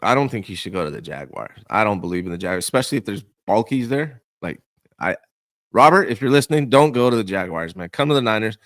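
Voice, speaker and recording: A young man talking sports in a casual, emphatic way, peppering his points with slang. His voice sits on the low side and the sound is dry and close, with no room around it. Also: lively intonation, fast, fairly bright tone, no room sound. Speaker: co-host.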